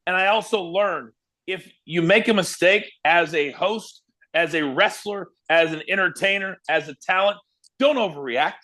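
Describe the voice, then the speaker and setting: A man's voice: high-pitched, moderate pace. A man from Kansas, a former wrestling broadcaster, telling stories as a guest and acting out the quotes. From Kansas, USA. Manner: animated storyteller who acts out quotes. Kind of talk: casual interview storytelling.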